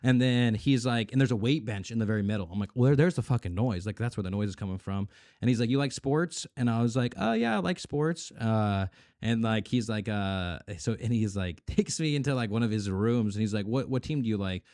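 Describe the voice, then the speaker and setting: A man's voice: on the low side, fairly quick, a little mellow, dry recording, clean studio sound. A young man on a podcast telling a long story in casual chat, acting out the voices of the people in it, swearing and laughing often. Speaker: podcast guest.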